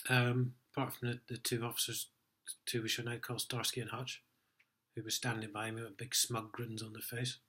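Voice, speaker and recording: A man's voice: medium pitch, little pitch movement, normal speed, pushed and bright. A middle-aged man, telling his own story in a sweary, aggrieved, rambling way, full of ums. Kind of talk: casual personal account.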